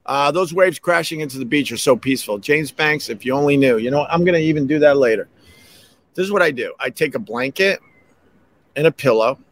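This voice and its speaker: A middle-aged man, casually telling a long rambling story as a podcast host, laughing between phrases and restarting sentences. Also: mid-range voice. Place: outdoors near a beach with waves and birds.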